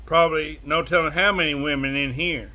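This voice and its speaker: A man's voice: fairly high pitch, steady tone, brisk, bright, forceful tone. A man voicing a puzzled, easygoing cowboy in a told joke, speaking hesitantly with fillers.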